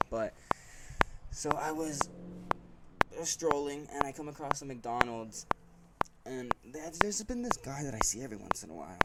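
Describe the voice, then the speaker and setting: A young man telling a rambling, profane story in casual monologue, full of fillers and restarts. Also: mid-range voice. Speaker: podcast host. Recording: loud background noise.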